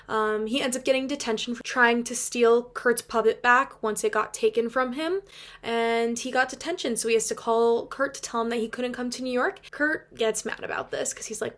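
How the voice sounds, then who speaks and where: A woman's voice: fairly high pitch, steady tone, normal speed. A young woman telling a story in a casual video essay, chatty and gushing, with lots of fillers and some swearing.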